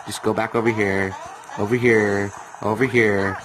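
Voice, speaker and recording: A young man rambling through casual gameplay commentary, now and then bursting into comic yells. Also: fairly low pitch, little pitch movement, a little slow, background noise. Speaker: let's play gamer. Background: video game music.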